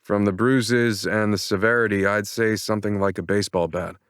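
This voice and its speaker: A man voicing a male doctor who speaks in a measured, apologetic way. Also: lowish voice, fairly even intonation, clean tone, dry recording, clean studio sound, close to an everyday voice. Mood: regretful. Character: middle-aged male doctor, calm and regretful.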